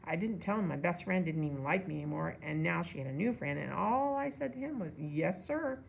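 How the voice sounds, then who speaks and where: A woman reading a children's novel aloud in a relaxed way, with casual asides to listeners. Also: fairly low pitch, fast talker, gravelly, a little hiss or hum. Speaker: reader.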